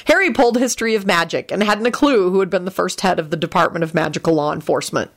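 A woman's voice: on the low side, quick pace, vocal fry, few pauses. A woman narrating a fan story aloud in an audiobook style.

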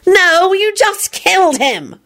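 A woman's voice: very animated, takes it slowly, fairly bright tone, full character voice. A woman voicing Solange, a frantic, easily alarmed woman who shrieks in indignation. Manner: high-pitched, shrieking and indignant.

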